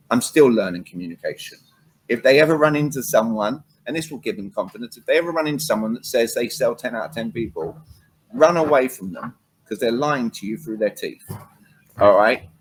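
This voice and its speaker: A man's voice: mid-range voice, breathy edge, low-quality recording. A man with a British accent, a communication coach giving an interview, emphatic and fond of acting out little dialogues to make his points. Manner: emphatic, punctuates points with "all right", acts out dialogue. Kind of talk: animated interview chat.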